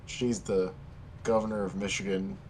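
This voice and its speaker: A man's voice: on the low side, flat delivery, normal speed, a little mellow, slight background noise, rough recording. A man chatting with friends during a game stream, explaining things and laughing along. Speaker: gaming companion. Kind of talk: casual chat while gaming.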